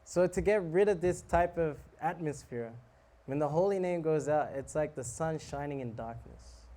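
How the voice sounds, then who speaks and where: A monk preaching who tells a lively story, acting out scenes and laughing. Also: male voice, a little high, normal speed. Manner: animated, laughing, acts out scenes. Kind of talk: storytelling sermon.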